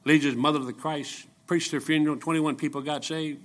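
An older man preaching a folksy, joking sermon full of stories, rising into shouted peaks. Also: on the high side, fairly even intonation, brisk.

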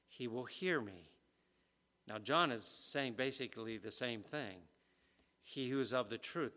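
A man's voice: medium pitch, bright, forceful tone. A man preaching an expository sermon, earnest and emphatic, leaning hard on key phrases.

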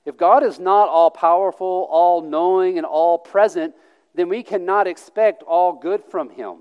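A man's voice: sits high, a little slow, smooth, narrow, tinny audio. A man preaching in a reverberant hall. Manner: emphatic, with sarcastic mock voices and restarts. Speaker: pastor. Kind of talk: sermon.

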